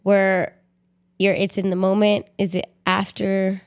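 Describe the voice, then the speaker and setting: A woman's voice: mid-range voice, little pitch movement, a little slow, clean tone. A woman with a mid-range voice co-hosts a podcast. She talks casually and presses with follow-up questions. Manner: probing, asks follow-up questions. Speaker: podcast co-host. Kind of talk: candid conversational podcast.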